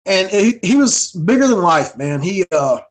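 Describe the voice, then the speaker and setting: A man's voice: high-pitched, sing-song, unhurried, low-quality recording. A man in his forties from North Carolina, a wrestler guest telling a story in casual chat, stammering and repeating words. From North Carolina, USA. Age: 40s.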